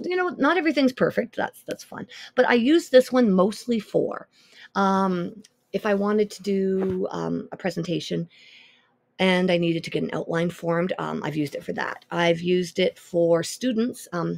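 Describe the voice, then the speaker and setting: Gravelly, husky chatty woman teacher. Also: mid-range voice, no echo. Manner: chatty, easily amused, thinks aloud with many ums. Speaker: music teacher. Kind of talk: casual podcast demo of teaching tools.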